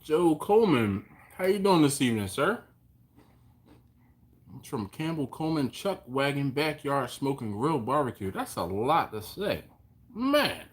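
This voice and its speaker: A man hosting a casual live stream, greeting viewers by name and reading their comments, easygoing and quick to chuckle, recorded on a phone at home. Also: mid-range voice. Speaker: host of a barbecue live stream. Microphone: phone on a mount.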